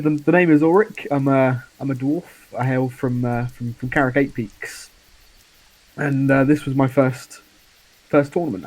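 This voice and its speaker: A man voicing a male dwarf sports player in a tabletop role-play, speaking in his own plain voice with halting, hesitant phrasing. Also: medium pitch, darkish tone, lightly acted, low-quality recording.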